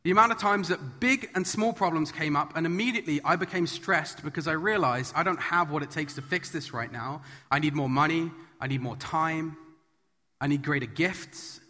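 At normal speed, a man with a fairly high, sharp voice preaches a children's message in a church hall whose size yields a long reverb. He stays earnest and emphatic, building up each point with repetition.

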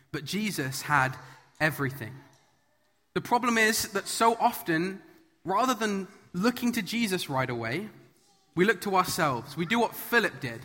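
A man's voice: high voice, bright, forceful tone. A man giving a sermon as a children's message, earnest and emphatic, building his points through repetition, in a church hall. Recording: long reverb of a large hall.

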